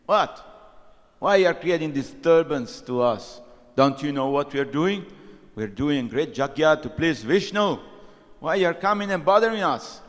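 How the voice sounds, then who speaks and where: Guy acting out angry priests telling kids off, higher and louder, big hall echo. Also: animated, normal speed, lightly acted. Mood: angry, scolding. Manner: scolding, indignant. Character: angry indignant priests scolding children.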